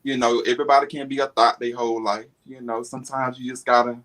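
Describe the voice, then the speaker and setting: A man's voice: medium pitch, little pitch movement, quick pace, fairly bright tone, low-quality recording. Blunt, frank man in casual chat. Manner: frank, blunt storytelling with repeated restarts. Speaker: co-host.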